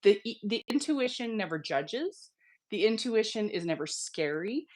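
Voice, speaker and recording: Woman guest, slightly rough sick throat, earnest gentle explainer, mid-pitched, casual chat. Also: lively intonation, measured pace.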